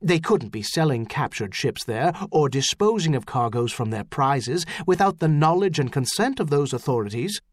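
A man's voice: mid-range voice, expressive, moderate pace, hardly any pauses, dry recording, studio quality, natural voice. A man reading an audiobook, voicing an anxious, angry official who insists on a worry. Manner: worried, insistent. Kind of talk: audiobook character voice.

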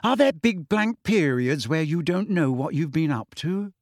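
A man's voice: fairly high pitch, lively intonation, a little slow, no room sound, studio quality, pitched above the performer's own voice. A man voicing a blunt, self-assured teenage witch who speaks coolly and plainly. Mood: matter-of-fact. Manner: cool, blunt, matter-of-fact.

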